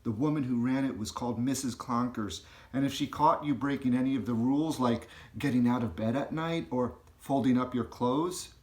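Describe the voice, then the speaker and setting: A man's voice: medium pitch, normal speed, few pauses, darkish tone, lightly acted. A man voicing a young orphan girl in a plain, matter-of-fact way, close to his own voice.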